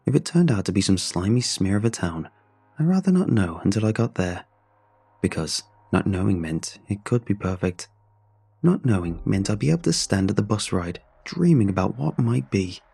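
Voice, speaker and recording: A man narrating a scripted horror story in a measured, brooding way, with drawn-out pauses. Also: on the low side, animated, creaky, a little mellow, husky, no room sound. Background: faint music.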